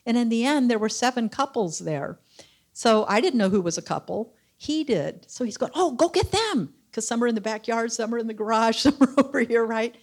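A woman's voice: fairly high pitch, brisk, darkish tone. A middle-aged woman sharing a church testimony, telling a personal story and acting out the people she quotes.

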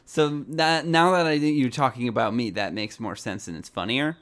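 A man's voice: mid-range voice, moderate pace, a bit bright, clean tone. Rambling, giggly young man. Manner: rambling, giggly, many restarts. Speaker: podcast co-host. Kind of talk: casual comedic chat.

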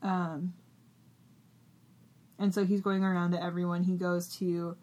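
A woman's voice: fairly low pitch, level tone, a little slow, a little mellow. A woman co-hosting a podcast, casually retelling book scenes with lots of "like" and "um". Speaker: podcast co-host. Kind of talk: casual book club recap.

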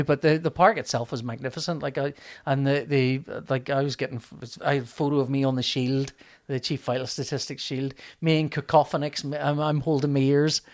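With a medium-pitched voice, this man in his thirties chats casually, swearing and laughing a lot. He's an animated storyteller who performs his own reactions as he goes.

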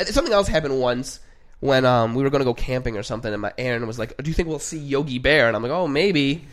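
A man's voice: mid-range voice, quick pace, fairly bright tone. A young man co-hosting a podcast, telling stories in a casual chat and laughing often. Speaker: podcast co-host.

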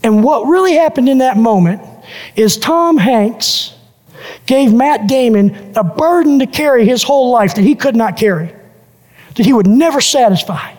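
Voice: medium pitch, expressive, moderate pace, darkish tone, big-room sound. A pastor preaching a sermon who builds each point through repeated lists and phrases.

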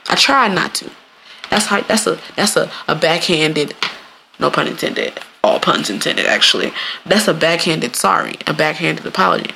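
Podcast host, solo monologue, casual, gravelly, bright tone, swears freely, animated, acts out quotes. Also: medium pitch, normal speed, a little hiss or hum. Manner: acts out quoted apologies in playful voices.

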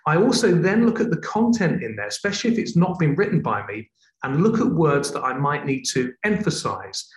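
Male presenter, lively shifts in tone, a touch high-pitched, roomy sound. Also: brisk. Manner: expressive, varies tone for emphasis. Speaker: TV presenter, guest. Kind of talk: explaining presenting technique in a conversation.

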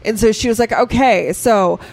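A woman co-hosting a podcast, telling family stories in a relaxed way and laughing between lines. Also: a little high, moderate pace. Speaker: podcast co-host. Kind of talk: casual chat.

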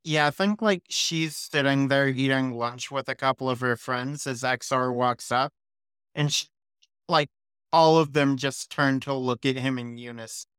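Smooth-voiced game master narrating playfully. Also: mid-range voice, measured pace, fairly bright tone, no room sound, studio quality. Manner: playful, melodramatic narration with filler "like". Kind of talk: tabletop role-play narration.

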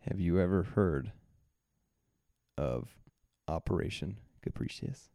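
A man's voice: sits low, expressive, takes it slowly, vocal fry, warm tone, no echo, studio quality. A man co-hosting a podcast, telling a story in casual chat, rambling with restarts and frequent laughter. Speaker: podcast co-host.

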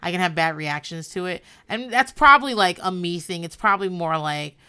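Woman podcast host, casual recap, cusses a lot, laughs, sharp edgy voice. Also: on the low side, expressive, brisk, clean tone. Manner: blunt and profane, with frequent laughter. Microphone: podcast microphone.

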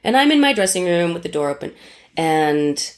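Woman stage actor, low register; candid, self-deprecating chat guest with a salty mouth. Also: very animated, normal speed. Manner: candid, self-mocking, swears freely. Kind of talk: casual anecdote in conversation.

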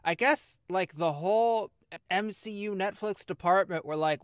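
A young man in casual podcast chat, emphatic and quick to swear as he rants. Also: high-pitched, animated, no room sound, clean studio sound. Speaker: podcast co-host.

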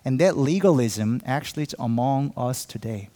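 A man's voice: mid-range voice, expressive, normal speed, warm tone. Earnest man preaching in a reverberant hall. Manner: earnest preaching, acts out quoted believers in raised voice. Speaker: pastor. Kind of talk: sermon.

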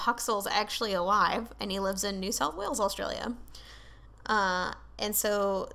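Unhurried and sharp-toned, this mid-range voice carries vocal fry. The woman is a podcast co-host on a remote call, meandering through a case story with heavy fillers, asides, and casual swearing.

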